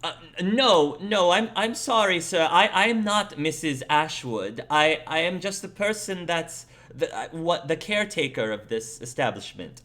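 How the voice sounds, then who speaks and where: A man's voice: a little high, animated, moderate pace, few pauses, pushed and bright, pitched above the performer's own voice. A man voicing a flustered elderly female caretaker who stammers and apologizes. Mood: apologetic. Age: over 60.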